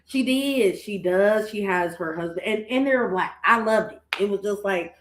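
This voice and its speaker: A woman co-hosting a podcast, telling stories in casual chat with quick, emotional asides. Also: mid-range voice. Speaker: podcast co-host. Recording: echoey room.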